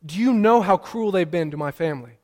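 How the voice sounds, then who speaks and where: Casting: man doing an enraged prophet, voice pushed high, ringing in a reverberant hall. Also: expressive, a little fast. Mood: furious. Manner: shouting accusing questions. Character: furious male prophet, bitter and indignant.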